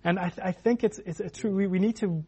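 A man's voice: high-pitched, steady tone, fast, darkish tone. A man preaching a sermon in a loose, conversational way, with many restarts and filler words.

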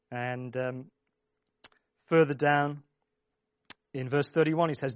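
A man's voice: medium pitch, steady tone, a little slow, pauses often, no echo, lo-fi sound. A man preaching a sermon, speaking emphatically, repeating his phrases and urging the congregation on. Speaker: pastor.

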